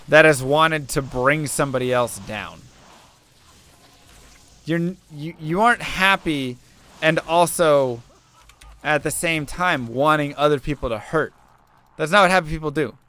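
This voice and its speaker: A young male streamer with a bright, ringing voice that sits a little high for a man. His tone is smooth and clean as he muses aloud and tells an earnest story between quick remarks about the game. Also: lively intonation. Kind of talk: casual chat while playing.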